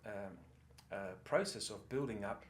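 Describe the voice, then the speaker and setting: A man with an Australian accent, being interviewed about his life, talking earnestly with many pauses and restarts. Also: on the low side, lively intonation, a little hiss or hum. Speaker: former student and artist, interviewee. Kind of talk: casual conversational interview.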